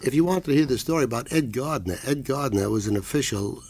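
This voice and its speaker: An older man who was once a radio actor, with a gravelly voice, telling rambling stories in a casual interview. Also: medium pitch, expressive, fast, darkish tone. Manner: rambling storyteller, acts out voices in quotes. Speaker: guest, former radio actor. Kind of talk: casual anecdotal chat.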